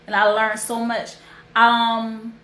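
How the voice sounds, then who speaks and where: A young woman hosts a casual livestream, her fairly high voice carrying a story with open emotion. She talks in a chatty, heartfelt way and circles back to repeat what matters. The sound is roomy, with a clear echo around her. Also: monotone, slow pace, fairly bright tone. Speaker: host.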